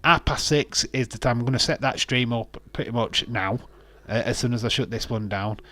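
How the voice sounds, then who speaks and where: A man's voice: mid-range voice, normal speed, pushed and bright. A man hosting a casual wrestling watch-along stream, rambling, laughing often and reading out viewer comments.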